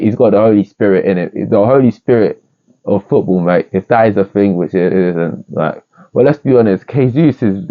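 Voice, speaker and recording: A man giving a casual, rambling review of a football match, jokey and excitable. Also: on the low side. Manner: excitable, rambling, jokey, with bursts of singing and quoting. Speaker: football fan vlogger. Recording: tinny phone-like sound.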